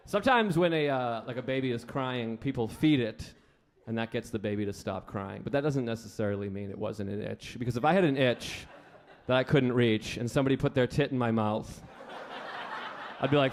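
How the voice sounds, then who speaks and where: A man doing a stand-up comedy set on a club stage, with a deadpan, self-deprecating delivery. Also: mid-range voice, brisk. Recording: live club set with faint crowd. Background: audience laughter.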